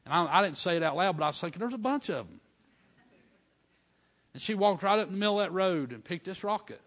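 A man's voice: high-pitched, animated. Fervent preacher man. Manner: fervent, building to loud praise shouts; folksy dialect, drawn-out emphasis. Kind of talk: storytelling sermon.

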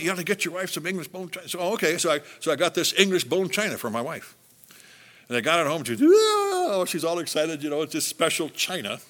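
An older man, a pastor, preaching a sermon and telling stories, acting out the quoted lines. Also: fairly high pitch. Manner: animated storytelling, acts out quotes.

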